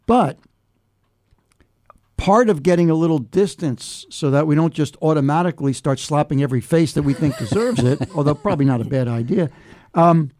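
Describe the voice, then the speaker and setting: A man's voice: a little high, lively intonation, moderate pace, a little mellow. An American man talking casually with friends, laughing often and restarting with many fillers. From United States. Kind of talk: casual chat.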